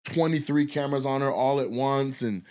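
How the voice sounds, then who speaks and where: A man's voice: medium pitch, a little fast, darkish tone. A man, a stand-up comedian hosting a podcast, telling a long story in a rambling, profane, casual way. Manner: rambling, profane, restarts a lot.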